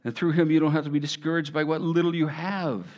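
Middle-aged guy preaching, chatty and animated, does little sound effects. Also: fairly high pitch, quick pace, long reverb tail, highs cut off. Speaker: pastor. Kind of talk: sermon.

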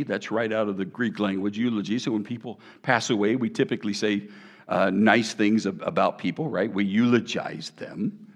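A middle-aged man, preaching a sermon in an animated, conversational way. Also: lowish voice, long reverb tail. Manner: animated, conversational preaching with sound effects and jokes. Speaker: pastor.

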